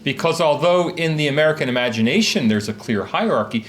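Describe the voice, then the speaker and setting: Lively man giving a conference talk. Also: on the high side, fairly quick. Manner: lively, questioning lecture delivery; speaks from notes to a live audience. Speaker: academic speaker. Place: conference room.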